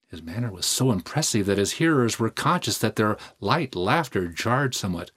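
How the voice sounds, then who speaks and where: A man narrating a story aloud in a measured, even manner. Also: on the low side, breathy edge. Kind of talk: audiobook reading.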